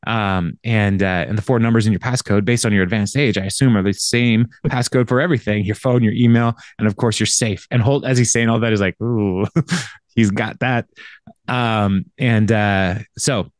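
Low-voiced man rambling through an episode recap. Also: steady tone, a little fast, hardly any pauses, smooth, no room sound, clean studio sound. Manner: rambling, laughing, full of fillers. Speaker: podcast co-host. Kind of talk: casual chat recapping an episode.

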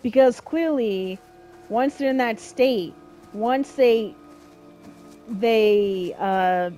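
A woman's voice: fairly high pitch, drawn-out words, dark tone, soft background music, rough recording. A woman streamer giving chatty, reactive let's-play commentary and swearing casually as she plays. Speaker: gameplay streamer.

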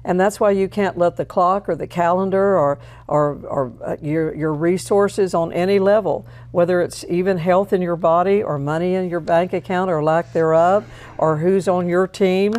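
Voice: mid-range voice, fairly even intonation, moderate pace, few pauses, a little mellow. A host on a Christian talk show who chimes in with eager agreement and earnest encouragement. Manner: eager agreeing interjections, then earnest exhortation. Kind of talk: affirming talk show chat.

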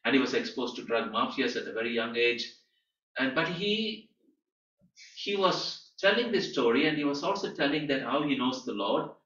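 Recorded at a distance in an echoing teaching room at a training school, the audio is somewhat dull. A male guest teacher with a mid-range voice tells a story as a lecture at a moderate pace, animated, with emphatic rises and soft drops.

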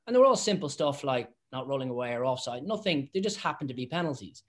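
A man in his forties, a former rugby referee, chatting on a panel and acting out stories with lively quoted voices. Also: medium pitch, fast. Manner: animated storyteller, acts out quotes, laughs often. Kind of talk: casual panel chat.

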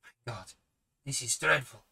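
A man voicing a grave, commanding elderly professor in a hushed, measured tone. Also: mid-range voice, creaky, slight background noise, heavily acted, poor audio. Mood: urgent.

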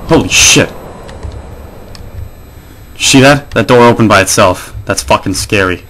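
A man hosts a let's play of a horror game, jumpy and excitable, cursing and yelping at every scare. His voice is bright and a touch low, and he talks slowly between outbursts. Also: slight background noise. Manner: jumpy and excitable, swears, laughs and yelps. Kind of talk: gameplay commentary.

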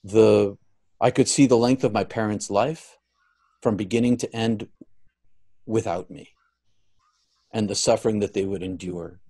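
A man speaking as a guest, telling a personal story earnestly, swelling louder at the high points and dropping soft near the end. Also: steady tone, measured pace, pauses often.

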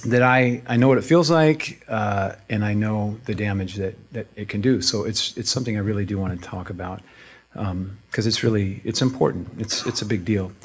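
A middle-aged man pastor speaking in a church, conversational and self-deprecating, with halting restarts. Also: on the low side. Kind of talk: casual sermon talk.

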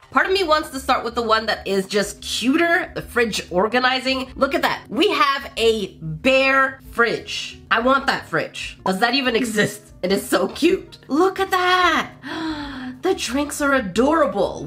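A woman hosts a casual let's play of a mobile game. She talks in a bright, clear, somewhat high voice, playful and expressive, with big jumps in pitch and jokey asides to her viewers. Faint music plays under her talk. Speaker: gaming channel host.

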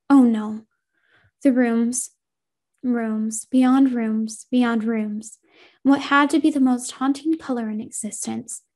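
A woman reads a horror story aloud in a slow, suspenseful style. Her voice is warm and dark-toned, with a gravelly fry at the ends of her phrases. Her pitch sits slightly high for a woman. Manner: measured and suspenseful, whispers sound effects. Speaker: narrator. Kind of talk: scripted horror story reading.

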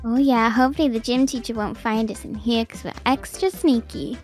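A woman voicing a timid, worried young mother in a roleplay game video, soft and fretful. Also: fairly high pitch, fairly even intonation, a little fast, lightly acted. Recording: faint kids' music behind.

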